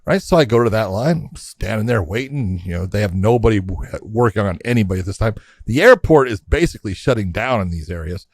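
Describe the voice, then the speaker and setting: A man's voice: lowish voice, a little fast, hardly any pauses, no echo. Laughing man telling travel stories. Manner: animated anecdotes, laughs often, acts out quoted exchanges. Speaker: podcast co-host. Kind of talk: casual storytelling chat.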